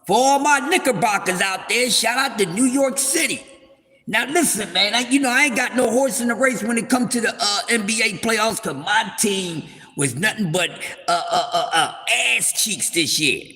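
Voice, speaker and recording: Loud rambling man on a livestream. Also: high voice, normal speed, in a large hall, soft background music. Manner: loud, rambling, playful trash talk with shout-outs. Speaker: livestream host. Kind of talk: casual sports talk livestream.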